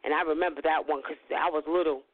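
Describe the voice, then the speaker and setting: A woman's voice: deep voice, fairly even intonation, quick pace, no room sound. A woman in her forties, a psychic talking casually to her listeners, swearing freely and addressing them directly. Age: 40s. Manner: profane, folksy, keeps addressing listeners directly. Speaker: psychic giving predictions. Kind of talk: casual spiritual monologue. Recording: tinny phone line, dry.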